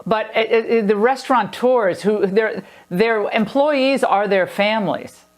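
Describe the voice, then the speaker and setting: A woman speaking in a played TV interview clip, halting and repeating her words. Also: mid-range voice.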